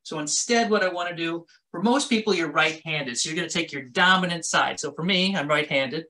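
A self-defense instructor speaks a little fast in a fairly high voice with a sharp edge. He's casual and conversational, using his hands as he talks the group through it.

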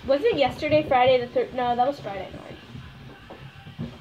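A woman's voice: high-pitched, a little slow, a little mellow, dull audio, soft background music. A young woman chatting casually at home as she makes slime, rambling with self-conscious asides. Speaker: slime vlogger. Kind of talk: casual vlog chat.

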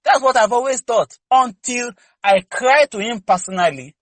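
A man's voice: extremely high pitch, normal speed, fairly bright tone, no room sound, low-quality recording. A man preaching to a congregation, exhorting fervently with rhetorical questions and candid personal stories. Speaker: lay preacher. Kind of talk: preaching teaching session.

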